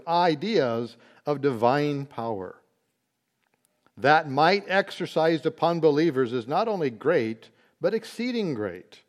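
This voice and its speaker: A man teaching a Bible study, explaining word meanings slowly and deliberately, with occasional fillers. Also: on the high side.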